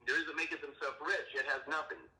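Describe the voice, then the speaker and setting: A middle-aged dad delivers a preachy scripture lesson to his kids by phone, scolding them sternly. He talks fast in a fairly high, pushed and bright voice with fairly even intonation, heard through an echoey, distant recording with faint noise.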